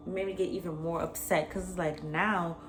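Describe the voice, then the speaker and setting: Young woman w/ new telling a story, kinda low voice, lots of hiss in the background. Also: moderate pace. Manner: animated, slangy retelling, acts out both sides. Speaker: vlogger. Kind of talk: casual storytime.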